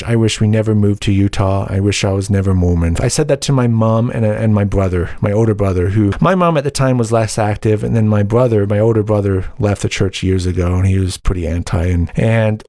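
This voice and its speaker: A man's voice: fairly low pitch, dark tone, dry recording, studio quality. Indignant young man telling a story. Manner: indignant, heated retelling. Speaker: podcast host. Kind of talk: casual storytelling monologue.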